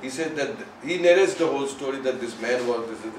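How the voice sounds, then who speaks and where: A man's voice: medium pitch, a little fast, slight background noise. A man telling a spiritual parable in an informal, conversational way, often saying "you know". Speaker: storyteller at a spiritual gathering. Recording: roomy, mic at a distance, faint ambience.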